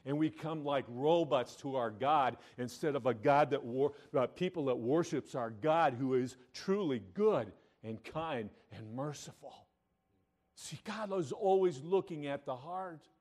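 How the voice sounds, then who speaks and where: Preaching man, swinging loud and soft. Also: medium pitch, expressive, unhurried. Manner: preaching with swings between loud emphasis and quiet intimacy; reads scripture in King James wording. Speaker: pastor. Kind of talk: sermon.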